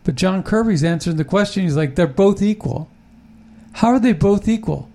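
A man's voice: sits high, animated, fairly quick, a little mellow. A man hosting a talk show, chatting casually and opinionatedly about politics, rambling with many restarts. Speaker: podcast host.

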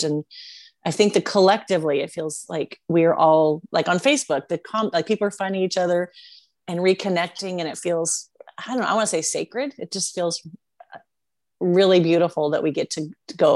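A woman's voice: fairly low pitch, steady tone, fairly quick, darkish tone. A woman hosting a podcast, talking reflectively and rambling, with many "like" fillers. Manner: reflective, rambling, heavy use of "like". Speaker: podcast host. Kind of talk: casual podcast interview.

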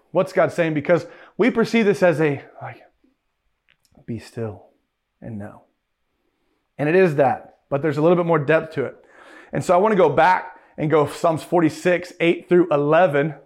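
A man's voice: fairly high pitch, brisk. A man preaching a sermon, emphatic, who repeats key phrases and asks rhetorical questions.

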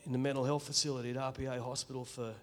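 In church, a middle-aged Australian man offers an earnest, emotional spoken testimony in a mid-range voice with flat delivery, repeatedly halting and restarting.

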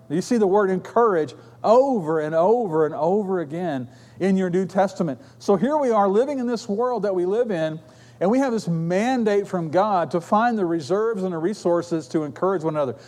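A man's voice: high voice, a little mellow. A middle-aged man preaching a sermon, telling stories in an earnest, conversational way.

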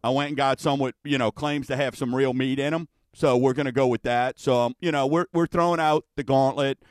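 A man's voice: mid-range voice, fairly even intonation, brisk, no room sound. A middle-aged man hosting a mortgage talk show, chatting casually and rambling with many fillers. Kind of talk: casual radio-style chat.

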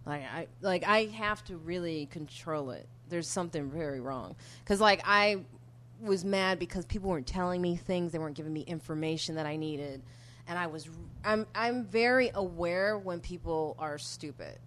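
A woman comedian with a New York accent telling a story in casual chat, swinging from quiet asides to loud bursts. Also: on the low side, moderate pace, slight background noise. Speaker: comedian guest.

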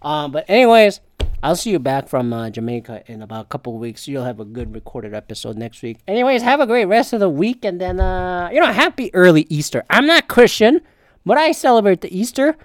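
A woman's voice: lowish voice, very animated, a little fast, no echo, studio quality. A woman hosting a solo podcast, ranting casually with lots of swearing, sarcastic and opinionated. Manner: profane, ranting, swears often. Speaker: podcast host.

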